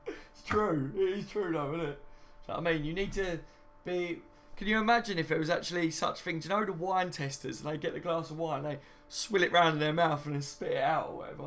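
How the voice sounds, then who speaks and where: A man's voice: on the high side, a little fast, a bit bright. A young man hosting a casual live stream from home, reading viewer comments and laughing often. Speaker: fan channel host.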